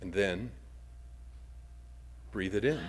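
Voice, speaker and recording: A man preaching a sermon. His delivery swings from loud emphasis down to a near-whisper. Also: fairly low pitch, slow pace, slightly rough. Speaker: pastor.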